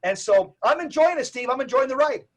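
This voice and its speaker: A man who is a Catholic evangelist, a guest on a podcast interview, talking in an emphatic, preacher-like, rapid-fire way. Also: extremely high pitch, lively intonation.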